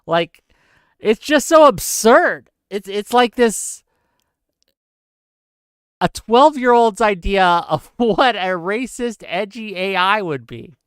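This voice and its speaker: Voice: medium pitch, expressive, slow, clear, resonant tone, dry recording, clean studio sound. A live-stream show host giving incredulous, exasperated commentary, laughing in disbelief and reading out viewer chat. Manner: exasperated, many filler "okay?" tags.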